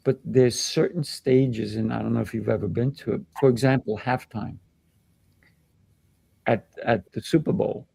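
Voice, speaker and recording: A man who teaches kung fu and hosts a talk show, telling lively anecdotes in a casual discussion. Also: medium pitch, moderate pace, gravelly, husky, dry recording. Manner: animated, acts out children's voices in anecdotes. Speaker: kung fu instructor and show host.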